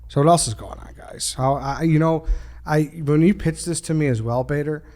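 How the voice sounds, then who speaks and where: Casual, teasing podcast host. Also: male voice, on the high side, normal speed, darkish tone.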